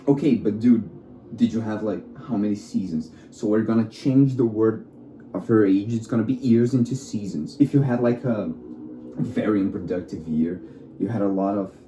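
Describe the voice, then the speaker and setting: A man's voice: fairly low pitch, warm tone, slight background noise. A young man who is not a native English speaker, rambling through his own playful thoughts and questioning himself as he goes. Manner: wandering, self-questioning, playful. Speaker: vlogger. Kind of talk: rambling solo musing. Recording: roomy echo.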